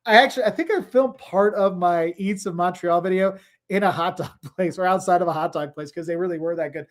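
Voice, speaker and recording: High-pitched guy doing a travel q&a livestream, chatty and rambly, reads comments out loud. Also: fairly quick. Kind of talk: casual livestream Q&A.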